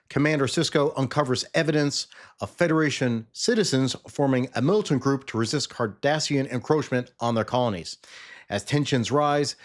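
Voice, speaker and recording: A man hosting a TV review podcast, reading a scripted intro and then explaining plot points in casual chat. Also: mid-range voice. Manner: explanatory, with frequent fillers and restarts in chat. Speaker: podcast host reviewing TV episodes.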